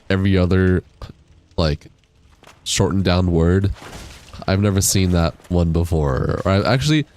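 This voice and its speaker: A young man streaming a game, chatting casually with a deep, crackly chest voice on a high-quality microphone, laid-back and rambling with casual swearing. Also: darkish tone. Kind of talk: casual livestream chat while gaming. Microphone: high-quality studio microphone.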